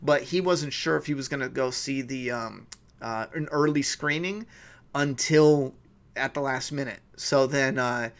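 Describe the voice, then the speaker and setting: Gravelly rambling male stream host. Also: mid-range voice, unhurried. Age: adult father of a school-age child. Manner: rambling, thinks out loud, self-correcting. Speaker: host of a live weekly review show. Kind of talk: casual live-stream chat, reading viewer comments.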